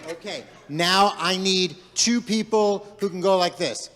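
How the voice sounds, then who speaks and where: A rabbi's high, fairly bright voice moves at a normal pace as he shares a folk tale with his congregation and playfully leads them in animal sounds. The recording, made in a large synagogue sanctuary, has long hall reverb.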